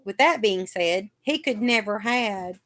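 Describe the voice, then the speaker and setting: A woman's voice: mid-range voice, lively intonation, a little slow, a bit bright. A middle-aged woman, hosting a casual live chat and telling chatty stories, acting out what the doctors said. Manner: chatty storyteller, acts out the doctors' lines.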